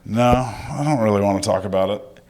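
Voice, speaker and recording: A man's voice: fairly low pitch, fairly quick, darkish tone. A man on a comedy podcast, speaking in short, subdued, reluctant replies. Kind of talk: casual chat.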